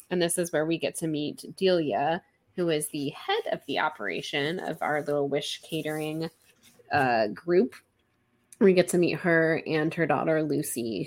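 A woman co-hosting a podcast, casually retelling a novel's scenes in a chatty way, full of quoted dialogue and fillers. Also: low-pitched. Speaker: podcast co-host. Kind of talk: casual book-club chat, retelling a novel.

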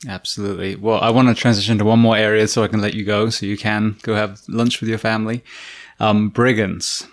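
A man hosting a podcast, calmly asking his guest questions. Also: on the low side, fairly quick. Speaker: podcast host. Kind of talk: interview questions.

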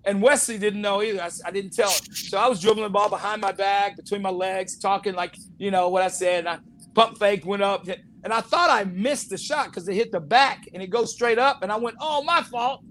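A man telling animated anecdotes as an interview guest, acting out quotes and laughing often. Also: high-pitched, brisk, a little hiss or hum. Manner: lively storyteller, acts out quotes, laughs often. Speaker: actor guest telling stories.

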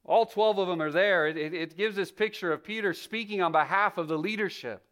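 A man's voice: sits high, brisk, fairly bright tone. A man preaching a sermon as pastor, talking conversationally and often restarting his sentences. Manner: conversational storytelling with many restarts.

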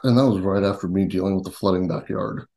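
A man's voice: low-pitched, fast talker, dark tone. A man in casual conversation who adds brief, dry interjections.

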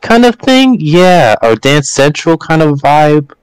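A man's voice: a little high, very animated, takes it slowly, clean tone, dry recording, low-quality recording. A young man co-hosting a podcast in casual chat, laid-back and rambling with lots of fillers. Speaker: podcast co-host.

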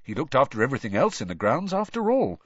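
Man, audiobook narration, expressive, lively pitch, dry, dull. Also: quick pace, slightly rough, dry recording. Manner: expressive storytelling. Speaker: audiobook reader. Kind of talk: scripted narration.

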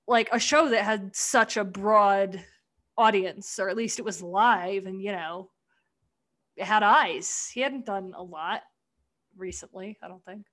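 A woman's voice: mid-range voice, a little slow, a bit bright. A woman in casual podcast chat, rambling through a sketch recap, swearing freely and acting out quoted lines. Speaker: podcast co-host.

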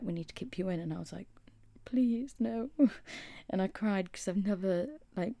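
Shaky and unwell after time in hospital, this young English podcast host chats through a story on her own, slipping into whispers whenever she quotes an aside. Her voice sits fairly low and sounds gravelly and dark, with no room sound around it.

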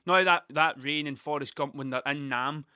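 This fairly high-pitched male voice moves at a moderate pace, pushed and bright yet clean in tone, on a dry, studio-quality recording. The speaker is a vlogger from Scotland in his thirties, casually rambling through stories with plenty of swearing, detours and self-interruptions.

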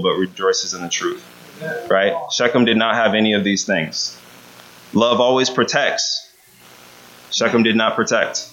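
A man's voice: fairly low pitch, a bit bright. A man giving a conversational sermon, often checking in with the room by asking "right?". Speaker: preacher. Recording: dull lo-fi sound.

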